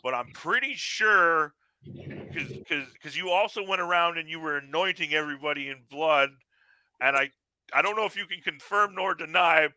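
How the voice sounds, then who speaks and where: Canadian male podcast host, very bright tone, dry close sound, profane and laughing, rambling storyteller. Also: a little high, normal speed, dry recording, poor audio. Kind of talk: casual podcast chat.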